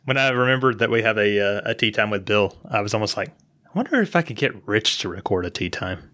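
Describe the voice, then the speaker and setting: A man's voice: lowish voice, expressive, fast talker, pushed and bright, no echo. A man co-hosting a video game podcast, laid-back and joking in casual chat. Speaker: podcast co-host.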